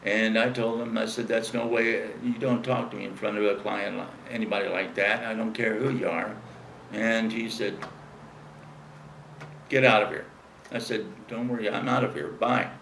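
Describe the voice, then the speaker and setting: A man's voice: fairly low pitch, fairly even intonation, normal speed, gravelly, a bit bright, a little hiss or hum. A man casually telling a long rambling anecdote with lots of fillers, acting out the people he quotes. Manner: rambling, frequent fillers, acts out quoted voices. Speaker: interview guest telling stories. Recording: distant mic in an echoey room.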